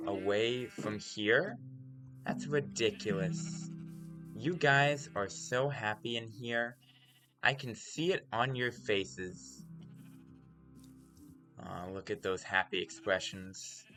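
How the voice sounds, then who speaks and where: Calm, unhurried male let's-play host, slightly low pitch, musing and introspective. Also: faint music behind. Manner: deliberately calm, soft-spoken delivery. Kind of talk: casual gameplay commentary.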